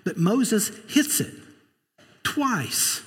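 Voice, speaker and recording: A man preaches a conversational sermon, slipping in joking asides and plenty of fillers. His voice sits a little high and sounds husky. The church around him carries a long, lingering reverb. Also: sing-song, extremely slow. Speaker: pastor. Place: church sanctuary. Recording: long reverb of a large room.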